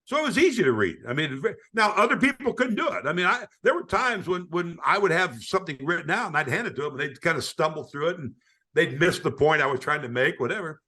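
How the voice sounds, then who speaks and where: Animated older male storyteller, bright voice. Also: on the high side, quick pace, slightly rough. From United States. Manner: animated storyteller, acts out quoted voices, frequent stammering restarts. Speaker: retired sportscaster guest. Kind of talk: storytelling in a podcast interview.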